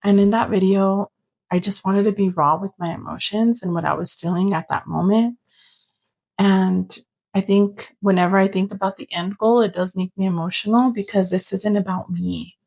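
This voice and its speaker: A woman's voice: mid-range voice, fairly even intonation, moderate pace, a little mellow, rough recording. A young adult woman hosting her own podcast, talking earnestly and openly in a personal monologue with many "like" fillers. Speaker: podcast host.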